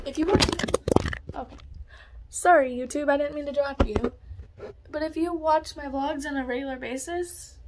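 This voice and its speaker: Young woman, high voice, scattered ranting vlog talk, dorm room, faint room hiss. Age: young adult. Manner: scatterbrained, ranting, swears casually. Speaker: vlogger. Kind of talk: casual vlog chat.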